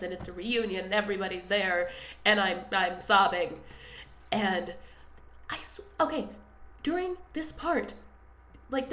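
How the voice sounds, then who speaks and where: A young woman vlogging in a casual, exasperated rant, with a slight lisp and a stuffy voice left over from a cold. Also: echoey room. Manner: animated, exasperated, with big pitch jumps. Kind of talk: casual ranting vlog.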